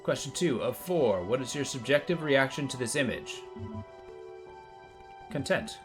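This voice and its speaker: A man's voice: medium pitch, lively intonation, a little slow, over music. A man streaming a puzzle game, commenting casually and reading the on-screen text aloud with offhand remarks.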